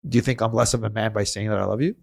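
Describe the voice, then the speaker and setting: A man's voice: lowish voice, fairly even intonation, racing, gravelly. A middle-aged man in casual podcast conversation, talking in an earnest, emotional, rambling way. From Canada. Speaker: podcast host.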